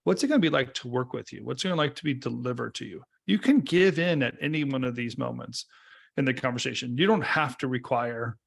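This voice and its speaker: A man with a gravelly, creaky voice joins a casual group discussion, thoughtful and steady. He often chimes in to agree. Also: medium pitch, fast.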